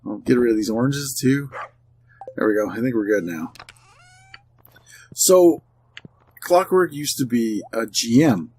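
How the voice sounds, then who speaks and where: Male let's-play host, mid pitch, casual crude banter over gameplay. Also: animated, unhurried, pauses often, a little mellow, breathy edge. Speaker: gaming channel host.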